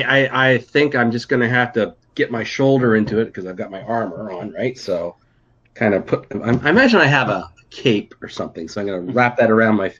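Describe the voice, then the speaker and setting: A man with a low, husky voice plays in a tabletop game and banters casually. His audio is dull and lo-fi. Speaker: player.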